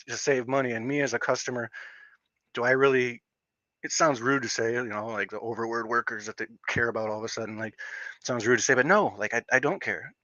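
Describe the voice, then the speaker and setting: A man rants casually on a livestream in a bright, forceful voice, with a slight stutter that catches on some words. He rambles and restarts often as he talks. The sound is dull and lo-fi, with a dry, close feel. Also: medium pitch, no room sound. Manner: rambling, with frequent fillers and restarts. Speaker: livestream host.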